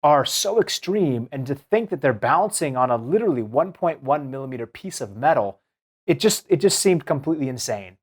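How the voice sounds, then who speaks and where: A former Olympic speed skater in his thirties from Seattle, United States, tells stories from his life as a guest on a podcast interview, animatedly acting out the quotes. His voice is mid-range, slightly rough, and a little fast.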